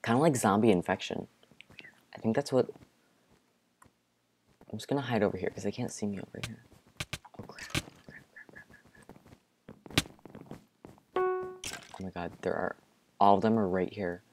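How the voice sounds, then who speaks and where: A man's voice: on the low side, fairly quick, pauses often, noisy background. A man giving live gameplay commentary, jumping from muttering and near-whispers to panicky outbursts. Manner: drops to a near-whisper at times. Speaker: gaming commentator.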